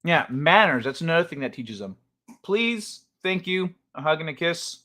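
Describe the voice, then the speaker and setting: A male livestream host who talks in a loose, chatty way, reacting to his viewers, cursing casually and laughing often. His voice sits a little high for a man and swings up and down with lively, animated pitch. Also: moderate pace. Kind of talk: casual live-chat stream.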